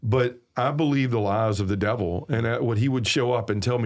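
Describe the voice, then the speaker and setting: A man's voice: medium pitch, a little fast. A man with a Southern US accent, a podcast guest giving an earnest, preacherly personal testimony.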